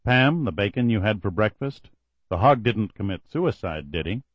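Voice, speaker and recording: A man's voice: on the low side, lively intonation, normal speed, breathy edge, no room sound, highs cut off. A man playing a laid-back ex-Navy sailor who explains things in an easygoing, wry way.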